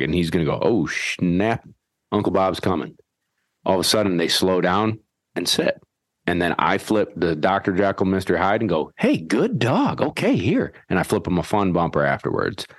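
A man hosting a podcast and explaining dog training in a folksy, animated way, acting out his whistle commands. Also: low-pitched, no echo. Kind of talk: casual instructional chat.

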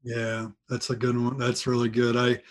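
A man's voice: medium pitch, completely flat delivery, moderate pace. A man hosting a podcast interview, reflective and encouraging toward his guests. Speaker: podcast host. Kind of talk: casual interview.

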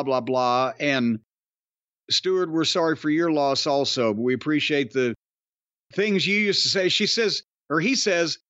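A man's voice: fairly high pitch, fairly bright tone, no room sound. Middle-aged man, podcast host, raised voice, profane blustering rants, dull lo-fi dry sound. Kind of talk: casual podcast chat.

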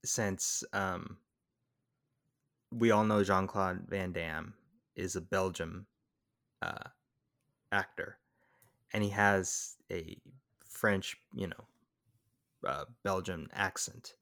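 A man's voice: deep voice, slow, long pauses. Guy on a podcast getting worked up about a movie, rambly and loose. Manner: rambling, excitable, lots of fillers. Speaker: podcast co-host. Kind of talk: casual movie review chat.

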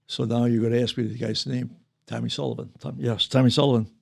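Gravelly older man telling stories. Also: medium pitch, fairly even intonation, quick pace. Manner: rambling, chuckling anecdotes with restarts. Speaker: retired firefighter guest. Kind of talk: casual storytelling.

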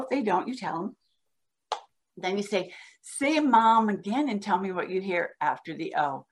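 A woman guest on a podcast, patiently explaining how to teach a child to read, sounding out words slowly as she demonstrates. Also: mid-range voice, animated. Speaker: guest reading educator. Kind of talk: instructional podcast talk.

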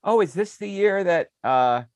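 Speaking a little slowly in a high register, this man co-hosts a relaxed podcast, spinning stories and laughing a lot. The recording is dry, with clean studio sound.

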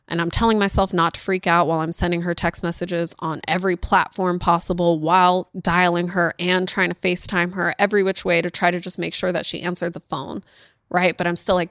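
A woman's voice: lowish voice, flat delivery, fairly quick, a bit bright, no echo, studio quality. A woman hosting a podcast, talking on her own in an earnest, emotional way and speeding up when she retells tense moments. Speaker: podcast host. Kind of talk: reflective solo talk.

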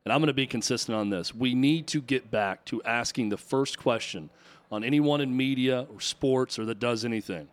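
A man's voice: mid-range voice, normal speed. A man co-hosting a sports talk radio show, arguing his point with emphatic, repeated rhetorical questions. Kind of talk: opinionated talk radio commentary.

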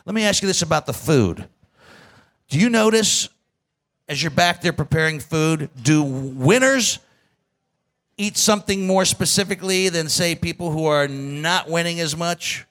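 A man's voice: a little high, animated, a little slow, a bit bright. A man hosting a casual interview, asking questions in a jokey, chatty way. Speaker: radio host.

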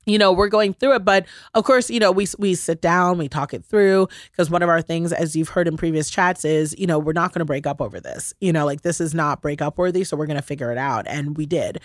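A woman's voice: low voice, fairly quick, few pauses, no echo, clean studio sound. A woman hosting a podcast, telling personal stories in a casual, heartfelt chat with lots of laughter. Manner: animated, laughing, gushing storyteller. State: briefly choked up. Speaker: podcast host.

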